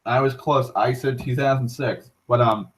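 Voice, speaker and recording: A young man hosting an online talk show, rambling casually with frequent profanity, restarts and excited tangents. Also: mid-range voice, normal speed, rough recording. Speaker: internet talk show host.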